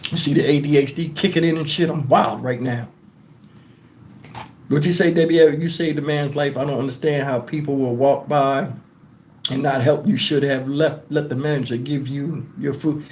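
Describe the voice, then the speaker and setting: A man's voice: a little high, moderate pace, fairly bright tone. A middle-aged man hosting a live stream, talking bluntly and profanely and sounding shaken as he answers his chat. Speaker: livestream host. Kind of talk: casual livestream talk.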